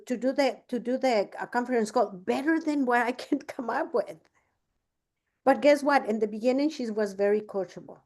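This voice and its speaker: Chatty woman coach, slightly high voice. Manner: animated, acts out both sides of conversations; chatty, many fillers and restarts. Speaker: business coach. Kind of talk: casual training talk with storytelling.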